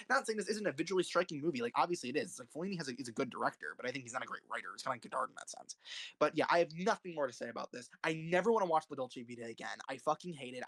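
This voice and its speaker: Young male host, fast and heated, raving and cursing over favorite films; dry, close recording. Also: a little high, fairly bright tone, no echo. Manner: rambling, passionate, swears often. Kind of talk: casual film commentary.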